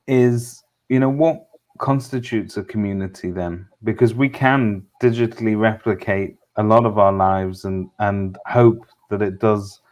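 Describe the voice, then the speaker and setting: Low-voiced thoughtful man. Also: a little mellow. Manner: measured, thoughtful, with hesitations. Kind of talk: reflective discussion.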